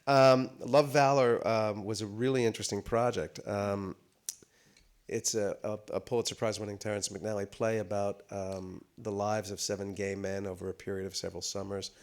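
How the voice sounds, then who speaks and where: A man's voice: lowish voice, little pitch movement, moderate pace. A man in his fifties, a guest actor on stage at a live talk, telling comic anecdotes full of fillers and restarts. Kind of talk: storytelling on stage. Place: theater stage before a live audience.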